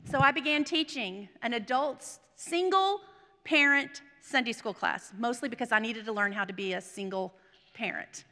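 A woman preacher giving a chapel sermon, telling a personal story that moves between hushed whispers and emphatic bursts. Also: fairly high pitch, normal speed. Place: seminary chapel. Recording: long reverb of a chapel.

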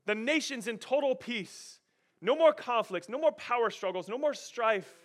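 A man pastor preaching a sermon, animated and emphatic, rising and falling in volume. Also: extremely high pitch, normal speed.

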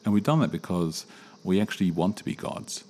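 A man hosting a daily faith podcast, talking in an earnest, reflective way with halting restarts. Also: sits low, lively intonation, darkish tone, a little hiss or hum. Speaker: podcast host.

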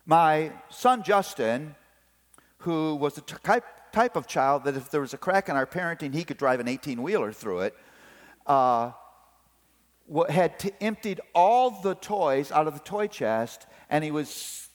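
Middle-aged male preacher, slightly high voice, storyteller, hall echo. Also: normal speed. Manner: animated storytelling, acts out family voices. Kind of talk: sermon on parenting. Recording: long hall reverb.

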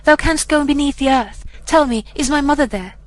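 A woman's voice: high voice, normal speed, pitched above the performer's own voice, close to an everyday voice. A woman voicing a remorseful outcast boy who pleads humbly in an audiobook reading. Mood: pleading.

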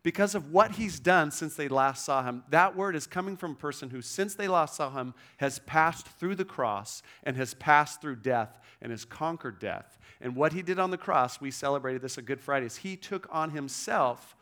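A man with a slightly higher voice than most, preaching in a relaxed, conversational way. He keeps checking in with his listeners and leans into the scripture he quotes. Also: normal speed, hardly any pauses. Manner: conversational preaching, frequent "okay?" check-ins, quoting scripture with emphasis. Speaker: pastor. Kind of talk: sermon.

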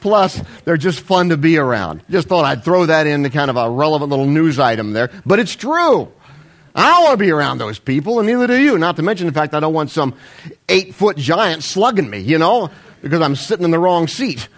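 A man's voice: a little high, sing-song, a little fast. A man, preaching a folksy, rambling sermon with self-deprecating asides. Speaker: pastor.

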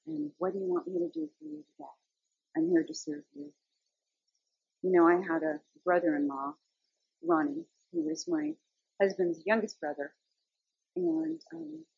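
A woman's voice: fairly low pitch, gravelly, darkish tone, husky, no echo, dull audio. A middle-aged woman giving an earnest, conversational devotional talk, telling stories. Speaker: Christian speaker.

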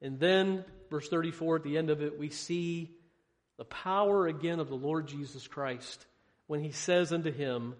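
High-voiced preacher in a reverberant hall. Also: male voice, steady tone, normal speed. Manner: asks rhetorical questions, swings between loud emphasis and hushed lows. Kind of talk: sermon.

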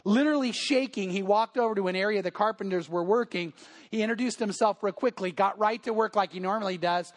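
A man's voice: high voice, a little fast. A man, a pastor, preaching a sermon in a church service, telling a story in a casual way with repeated words and acting out the voices of the people in it. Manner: storytelling, acts out quoted voices.

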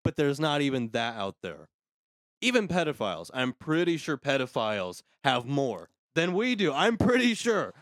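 A man's voice: medium pitch, big pitch swings, moderate pace, a bit bright, no echo. A man hosting a podcast, ranting crudely and sarcastically in casual comedic talk. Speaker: podcast host.

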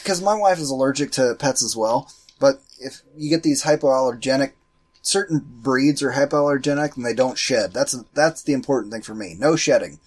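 A man co-hosting a casual movie commentary podcast, rambling and swearing as he tells animated stories. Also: medium pitch, moderate pace, slightly rough. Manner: profane, rambling, animated storytelling. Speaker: podcast co-host.

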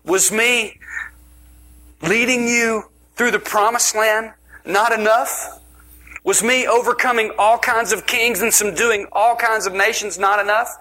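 A man's voice: high voice, fairly even intonation, measured pace, sharp tone, pitched above the performer's own voice. A man voicing God as an exasperated, incredulous figure pleading with rhetorical questions. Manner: rising, emphatic rhetorical questions.

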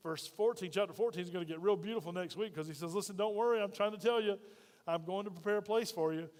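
A man's voice: sits high, quick pace, darkish tone. A man preaching a sermon to his church, talking conversationally and asking his listeners questions. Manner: conversational preaching with rhetorical questions and call-and-response. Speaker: pastor. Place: church sanctuary. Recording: long hall reverb.

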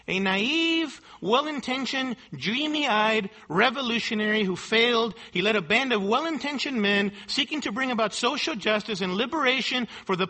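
A man's voice: high voice, sharp tone. A male pastor preaching a sermon with emphasis, repeating rhetorical questions to his congregation.

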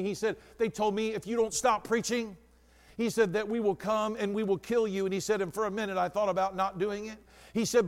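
A male pastor preaching a sermon. He tells stories and builds up to emphatic declarations. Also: high voice. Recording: long reverb of a large room.

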